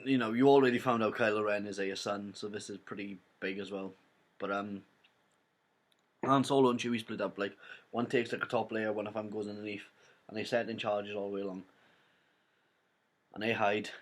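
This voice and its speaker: A young man with a Welsh accent casually retelling a film plot in a rambling spoiler review, full of "like" and "basically". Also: lowish voice. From Wales.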